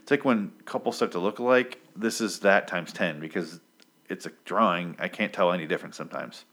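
A man casually recapping a comic, rambling and swearing, and breaking into animated quotes of the characters. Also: deep voice, brisk. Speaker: comic book reviewer.

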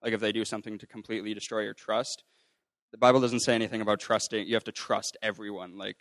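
Young man, low gravelly voice, dry close sound, telling a rambling personal testimony. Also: flat delivery, fast, fairly bright tone, dry recording. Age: young adult. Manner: rambling with many fillers and restarts; acts out quoted voices. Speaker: ministry student sharing a testimony.

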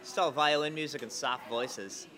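Speaking at a moderate pace, a man with a medium-pitched, pushed and bright voice is a guest in a casual conversation. He tells meandering stories, joking and going off on tangents.

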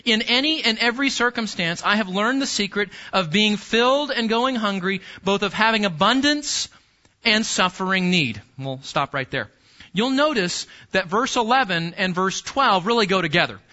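A man's voice: high voice, animated, moderate pace, sharp tone, lo-fi sound. A man preaching a sermon in a church, speaking conversationally, repeating key phrases and putting questions to the congregation. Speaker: pastor.

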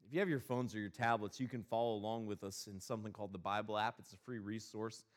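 Speaking fast in a voice on the low side, a male pastor shares an amusing personal anecdote, then launches into a sermon full of lively exasperation.

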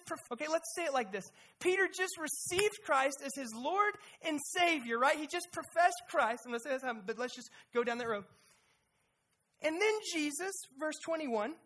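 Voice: high voice, pushed and bright. Emphatic preacher with rhetorical questions. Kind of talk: sermon.

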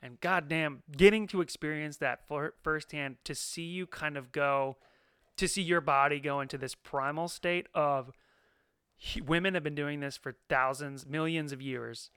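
Bright, smooth-voiced man chatting excitedly. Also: a little high, moderate pace, no room sound, clean studio sound. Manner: excited, rambling, with frequent "like" and swearing. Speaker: new father, co-host. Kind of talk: casual chat.

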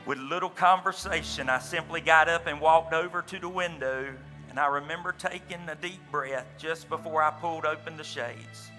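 A man's voice: fairly high pitch, fairly even intonation, normal speed, hardly any pauses, sharp tone, long reverb tail, faint music behind. A man preaching a sermon as pastor, telling a story with quoted dialogue and folksy asides. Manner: storytelling, retelling another man's account with quoted dialogue.

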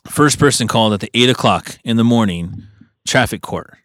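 A man's voice: mid-range voice, normal speed, fairly bright tone, no room sound, studio quality. A man co-hosting a podcast, telling a story in casual chat, laughing often, swearing, and using many fillers. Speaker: podcast co-host.

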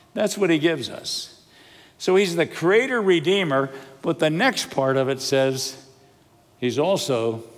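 An older man delivers a sermon, his voice sitting somewhat high for a man. He preaches with lively storytelling, jokes and questions put to the congregation. The sound carries a long reverb from a large church hall. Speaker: pastor. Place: church sanctuary.

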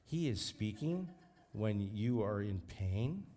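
A man's voice: on the low side, lively intonation, takes it slowly, mellow. A man preaching a sermon as pastor, fervent and emphatic.

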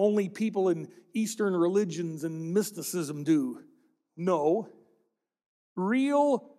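A man's voice: high voice, darkish tone. A man preaching a sermon to his congregation, speaking conversationally and often asking them questions. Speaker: pastor.

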